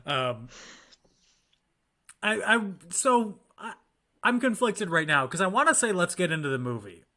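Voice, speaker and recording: Bright-toned man podcast co-host. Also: sits high, very animated, unhurried. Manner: dry joking, hesitant restarts. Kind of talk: casual chat.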